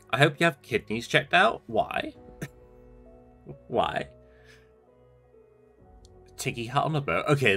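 A young man live-streams a game and chats loosely with viewers, sleepy yet animated, his pitch rising and falling a lot. His voice has a bright, forward edge, and soft game music sits in the background. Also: husky. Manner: chatty, rambling, reads out chat messages. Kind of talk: casual live-stream chat while gaming.

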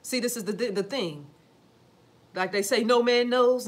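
Animated, cussing woman talking to camera. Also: a little high, measured pace. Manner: animated, profane, preachy, full of rhetorical questions. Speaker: vlogger. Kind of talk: casual talk to camera.

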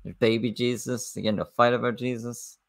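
A man's voice: mid-range voice, steady tone, quick pace, gravelly, fairly bright tone. A man hosting a livestream, reacting to clips with sarcastic, profane, mocking commentary. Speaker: commentary streamer.

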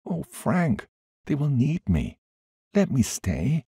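A man's voice: lowish voice, huge pitch swings, normal speed, dark tone, husky, no echo, clean studio sound, pitched above the performer's own voice, exaggerated voice. A man voicing a frail, ailing woman who speaks earnestly and pleads with tenderness. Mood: pleading.

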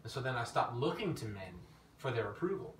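Animated preacher man, bright echoey voice. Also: fairly quick. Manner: animated, storytelling, rises in pitch when emphatic. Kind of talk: informal teaching sermon. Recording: echoey room, mic at a distance, faint background noise.

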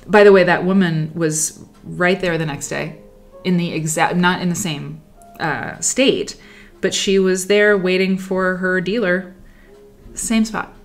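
Lady chatting on a sewing stream, lowish voice, kinda rambly, soft music under it. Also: steady tone, a little slow. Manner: rambling, reflective, trails off. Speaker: livestream host. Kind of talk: casual livestream storytelling. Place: at home while sewing.

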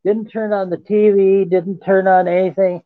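A man with a high voice recounts a personal story in an earnest, halting way, pausing to restart his sentences. He is heard over a tinny, dry phone line. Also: little pitch movement, no echo. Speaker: interview guest. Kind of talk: first-person account in a radio interview.

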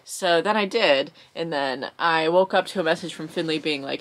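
A woman's voice: lowish voice, animated, fast talker, hardly any pauses, a bit bright. A young woman chatting casually to camera in her vlog, gushing and swearing freely, sounding tired. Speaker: vlogger.

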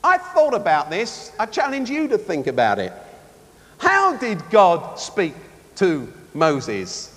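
Animated preacher, high expressive delivery, large reverberant venue. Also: male voice, takes it slowly. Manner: animated, expressive, acts out voices. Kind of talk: sermon. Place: large tent or hall at a conference.

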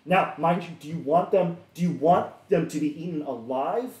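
A man's voice: fairly high pitch, moderate pace, a little mellow, reverberant, distant mic, voice pushed up, natural voice. A man voicing a sweetly sinister drow woman who dotes on children while planning to eat them, in a tabletop game. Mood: gleeful menace. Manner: doting, overly sweet, calls people dear.

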